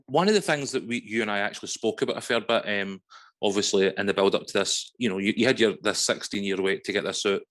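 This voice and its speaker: A podcast host with a Scottish accent and a very deep voice, talking fast and informally. The host keeps the chat moving and chips in with short agreements. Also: a bit bright. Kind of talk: casual interview chat.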